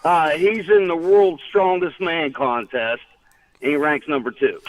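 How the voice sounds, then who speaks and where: A man's voice: on the high side, fairly even intonation, measured pace, recorded from a distance. A man calling in to tell a story in casual chat, rambling with restarts and laughing often. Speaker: caller. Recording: tinny phone line.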